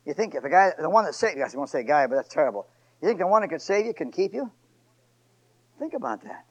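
High-voiced preacher man, shouting and hushed. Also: big pitch swings, fast, rough recording. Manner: swings from shouting to quiet, joking asides. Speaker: pastor. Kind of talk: sermon. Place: church sanctuary.

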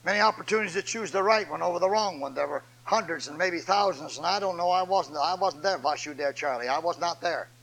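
An older man preaching a sermon, moving from loud, shouted, repeated declarations to low, folksy storytelling in a homespun delivery. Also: fast, creaky, few pauses, poor audio.

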